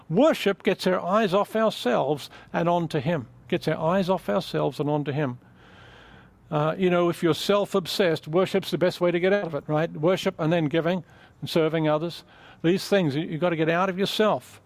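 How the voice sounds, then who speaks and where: Earnest preacher with a higher voice. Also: male voice, no room sound. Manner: earnest, emphatic teaching with frequent restarts. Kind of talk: sermon with closing prayer.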